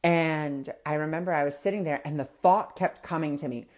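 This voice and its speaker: A man's voice: fairly high pitch, moderate pace. A man hosting a weekly spiritual discussion, talking casually and telling personal anecdotes. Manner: chatty, anecdotal, conversational. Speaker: spiritual talk host. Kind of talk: casual spiritual teaching talk.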